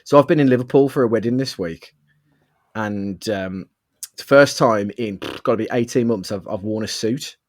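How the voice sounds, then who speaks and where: A man's voice: on the low side, normal speed, no room sound, studio quality. A man co-hosting a podcast in casual chat, telling stories with lots of laughs, over a webcam mic. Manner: animated storyteller, laughs a lot. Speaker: podcast co-host.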